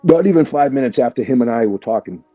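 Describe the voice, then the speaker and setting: Casting note: man in his forties, an animated interview guest, warm husky voice on a dry, somewhat muffled podcast mic. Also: mid-range voice, fast talker, no room sound, soft background music. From Boston area, USA. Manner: chatty and animated, swears freely, leans on "right?" and "like". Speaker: guest, military veteran. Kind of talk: casual storytelling interview.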